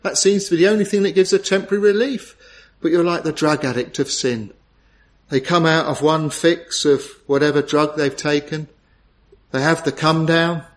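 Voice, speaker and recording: Earnest preacher, higher voice. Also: male voice, steady tone, normal speed. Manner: earnest, pleading, many rhetorical questions. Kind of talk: sermon.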